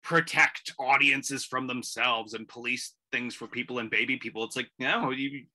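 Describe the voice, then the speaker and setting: A man's voice: medium pitch, steady tone, normal speed, pushed and bright. A man hosting a comedy podcast, chatting casually and rambling with frequent laughs. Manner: rambling, laughs often, lots of restarts and "I mean". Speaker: podcast host.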